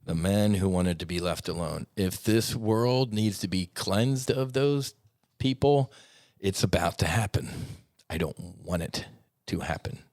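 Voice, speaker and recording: Male podcast host, low-pitched, earnest and rambling, dry close sound. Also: measured pace, darkish tone, no room sound. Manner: earnest, repetitive, often says "man". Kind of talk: reflective podcast monologue.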